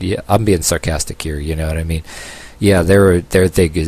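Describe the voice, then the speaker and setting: Very deep-voiced man rambling on camera. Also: steady tone, darkish tone. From United States. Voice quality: long-haired, calls himself a hippie. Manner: halting, many uh fillers and restarts, sarcastic asides. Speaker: vlogger. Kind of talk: rambling opinion monologue.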